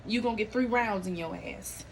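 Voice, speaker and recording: A woman's voice: mid-range voice, a little fast, slight background noise, low-quality recording. A woman hosting a podcast, chatting casually and animatedly, full of slang and laughter, acting out what people said. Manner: animated, slangy, laughs often, acts out quotes. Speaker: podcast host. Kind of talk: casual chat about celebrity and viral news.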